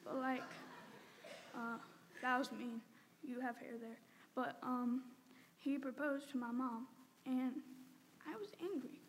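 A teenage girl giving an emotional personal testimony, halting and tearful, with many "like"s and "um"s. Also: high voice. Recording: long reverb, faint background noise.

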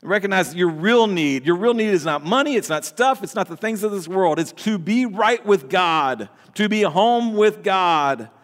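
A man's voice: high voice, lively intonation, moderate pace, hardly any pauses. A man preaching a sermon as a pastor, talking conversationally, restarting words and asking the congregation questions. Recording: long hall reverb.

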